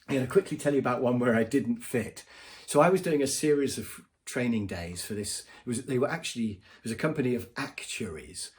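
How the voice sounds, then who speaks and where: A business trainer gives conversational advice straight to camera in a vlog, his mid-range voice expressive and brisk. He acts out quoted voices as he talks.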